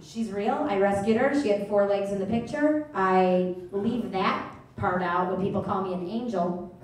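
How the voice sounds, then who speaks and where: A woman's voice: mid-range voice, moderate pace. Brash, profane woman comic on stage. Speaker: stand-up comedian. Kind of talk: stand-up comedy set. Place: live comedy theater stage. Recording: echoey theater, mic at a distance.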